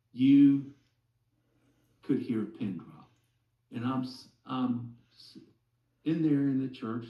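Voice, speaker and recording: A man slowly telling a personal story to a group, pausing often to check in with "okay?". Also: mid-range voice, reverberant, distant mic, dull audio. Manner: slow, deliberate, many "okay?" asides. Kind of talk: slow storytelling testimony.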